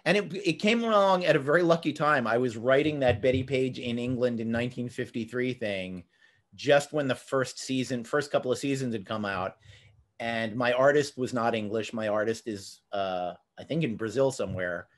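A middle-aged man with a New Jersey accent, hosting a podcast in casual, jokey conversation. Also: medium pitch. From New Jersey, USA. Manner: chatty, jokey, slips into quick impressions. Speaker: podcast host.

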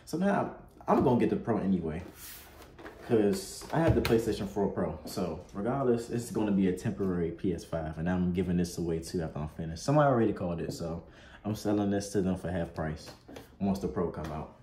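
A man's voice: deep voice, animated, fairly quick, mellow, echoey room, slight background noise. A man hosting a gaming channel, chatting casually through an unboxing and install tutorial, laid-back and prone to swearing and laughing.

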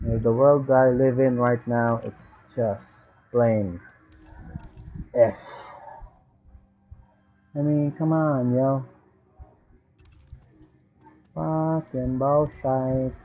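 Male gamer, slow rambling self-talk, swears freely, thin phone-line sound with faint hiss. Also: medium pitch, fairly even intonation, soft background music. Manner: rambling, profane, talks to himself in mixed languages. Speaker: gamer vlogger. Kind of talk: rambling gameplay commentary.

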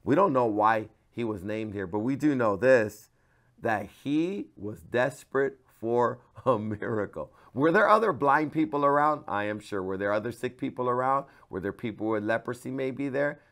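A man, a pastor, giving a devotional sermon to camera, moving from hushed, earnest talk to loud, pleading cries. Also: mid-range voice, expressive, normal speed. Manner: passionate, swings from hushed to loud cries when quoting.

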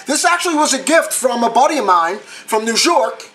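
A man's voice: very high-pitched, very animated, normal speed, pushed and bright. A man hosting a casual cooking demonstration, chatty and repeating his phrases with street slang. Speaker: home cooking show host.

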